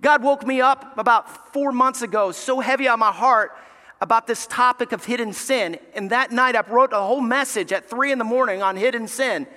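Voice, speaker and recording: A male pastor preaching a sermon, telling stories with animated, self-mocking humor. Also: extremely high pitch, moderate pace. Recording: reverberant hall.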